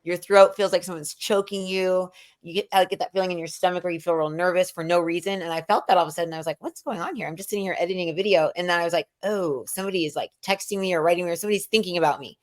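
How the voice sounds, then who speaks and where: A middle-aged woman hosts a casual spiritual conversation. Her voice sits a little low, and she rambles loosely, full of fillers and false starts. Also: fairly even intonation, rapid-fire. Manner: rambling, lots of fillers and restarts. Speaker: show host.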